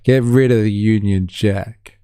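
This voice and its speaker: A man's voice: fairly low pitch, steady tone, unhurried, mellow, clean tone, no echo, studio quality. A man with an Australian accent giving sardonic, swearing live-stream commentary and reading out chat comments.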